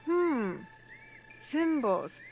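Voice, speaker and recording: An actress voicing a calm, thoughtful young woman companion in a video game, speaking gently and reflectively. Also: high voice, extremely slow, exaggerated voice.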